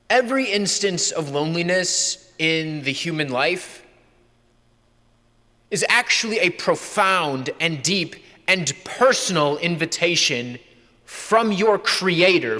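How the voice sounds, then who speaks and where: High-set and pushed, his bright voice carries a homily from a young male priest who chats with the congregation and acts out remembered conversations. The church gives the recording a long reverb.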